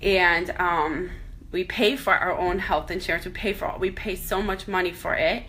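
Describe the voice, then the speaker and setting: A woman sharing a painful family story in a personal vlog, tearful and halting, often restarting her sentences. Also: lowish voice, steady tone, a bit bright, a little hiss or hum. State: crying at times. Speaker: vlogger.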